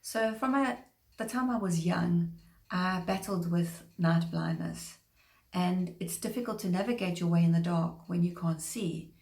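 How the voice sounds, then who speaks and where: A woman giving a short devotional sermon, earnest and measured, slowing down to stress scripture. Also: on the low side, creaky, a little mellow. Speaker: preacher. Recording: echoey room.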